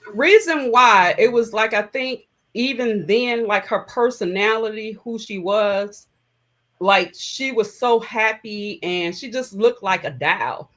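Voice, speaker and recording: A woman's voice: mid-range voice, fairly bright tone, poor audio. Middle-aged woman telling a heartfelt story. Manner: heartfelt, reflective, recounting memories in halting phrases. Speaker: guest. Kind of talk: personal storytelling in an interview.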